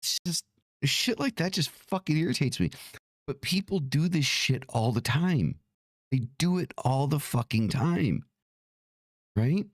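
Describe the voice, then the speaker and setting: A man's voice: fairly high pitch, animated, measured pace, no room sound, clean studio sound. A man hosting an occult livestream, ranting in a casual, profane, irritated way, with many restarts.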